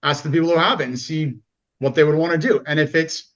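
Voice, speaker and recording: A man's voice: on the high side, fast, dull audio. A man talking as a podcast guest in casual conversation, animatedly acting out the voices of people he describes. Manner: animated, acts out quoted voices.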